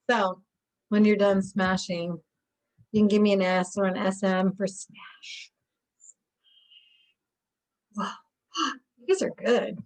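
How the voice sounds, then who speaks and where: A woman's voice: medium pitch, distant mic, low-quality recording. A woman leading a live online cooking class, bubbly and encouraging, laughing often as she talks her students through each step. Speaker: recreation therapy cooking instructor.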